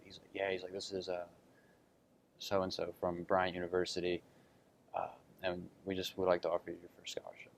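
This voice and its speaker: A man's voice: deep voice, a little hiss or hum. A young man answering interview questions about being recruited, telling his story earnestly with lots of fillers and retold quotes. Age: young adult. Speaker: college basketball recruit.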